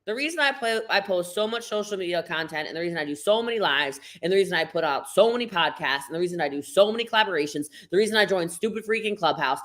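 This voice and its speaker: A woman's voice: fairly low pitch, a bit bright. A woman gives live motivational business coaching. She talks straight to her viewers, blunt and emphatic, repeating words to drive each point home.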